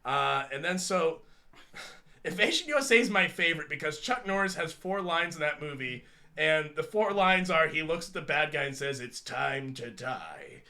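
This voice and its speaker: This podcast co-host, a man in his thirties, rambles and jokes through a casual chat show with frequent laughter. He sounds a little high and sharp, animated, and keeps a moderate pace.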